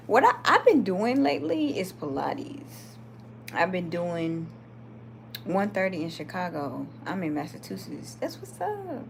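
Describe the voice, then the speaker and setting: Speaking at a normal speed in a lowish voice with some vocal fry, this Southern-accented Georgia woman is doing a late-night livestream and reading viewer comments. There's a bit of background noise. Her manner is chatty and upbeat, punctuated by frequent laughter.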